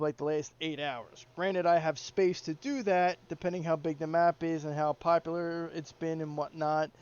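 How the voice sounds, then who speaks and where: A man's voice: fairly high pitch, smooth, dull audio. A man hosting a casual voice chat about game servers, easygoing and joking, with many fillers. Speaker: game server community founder and host.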